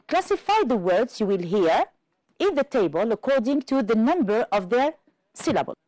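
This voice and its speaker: A woman from Algeria teaching an English exam-prep lesson on television, explaining carefully and slowly. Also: on the high side, warm tone, dry recording, low-quality recording. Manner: slow, careful classroom explanation.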